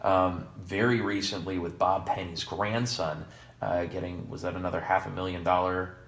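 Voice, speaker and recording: A man's voice: low-pitched, level tone, normal speed, a bit bright. A man co-hosting a podcast in casual chat, rambling and sarcastic with jokey asides. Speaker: podcast co-host. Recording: echoey room.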